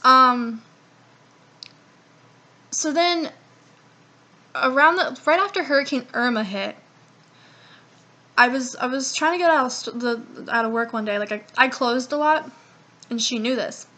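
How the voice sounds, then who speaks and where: A woman's voice: high-pitched, a little slow, pauses often. A young woman vlogger casually retelling a long personal story, swearing often and acting out what people said. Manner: profane, rambling, animated retelling with quoted dialogue.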